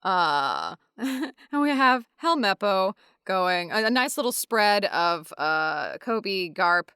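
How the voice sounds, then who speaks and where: A woman on a podcast recaps a manga chapter in a relaxed way, jumping into character voices for the dialogue. Her voice is smooth and clear, and the sound is dry and close to the mic. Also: medium pitch, slow, dry recording. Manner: reads panel dialogue in put-on voices, with many fillers. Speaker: podcast guest.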